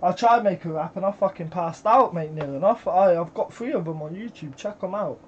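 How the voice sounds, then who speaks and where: A British man reacting to music in casual commentary, excitable and exclaiming, with frequent swearing. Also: high-pitched, brisk, muffled recording, slight background noise.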